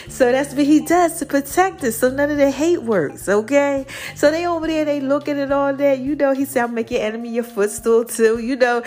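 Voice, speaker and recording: Sassy podcast woman with a high voice. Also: darkish tone. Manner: sassy, preachy, sings and squeals some lines. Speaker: podcast host. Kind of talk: casual motivational podcast monologue.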